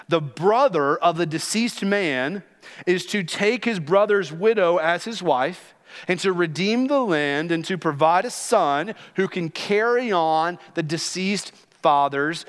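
Emphatic preacher in a reverberant hall. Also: male voice, high-pitched, a bit bright. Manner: emphatic, teaching, acts out quoted scenes. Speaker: pastor. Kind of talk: sermon.

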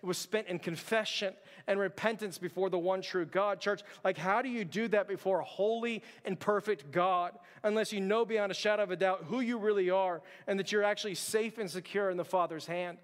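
A man's voice: sits high, brisk, few pauses, in a large hall. A pastor preaching an earnest, conversational sermon to his church, often addressing the congregation directly.

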